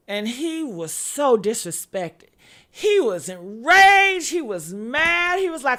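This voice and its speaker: A young woman hosting a show, telling a story in casual chat, dramatic and laughing loudly as she goes. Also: high voice, very animated, measured pace. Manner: loud, laughing, dramatic retelling. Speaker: show host.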